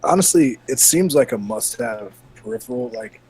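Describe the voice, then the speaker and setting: A man co-hosting a casual gaming podcast, talking in a relaxed, chatty way while bothered by hiccups. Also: medium pitch, moderate pace, slightly rough, low-quality recording. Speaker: podcast co-host.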